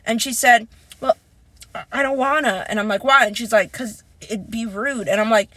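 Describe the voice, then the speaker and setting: Young woman, high voice, bright sharp tone, swears a lot, emotional storyteller, dry close sound. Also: normal speed, dry recording, low-quality recording. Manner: emotional storytelling, swears freely, rises to near-crying shouts. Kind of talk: casual chat.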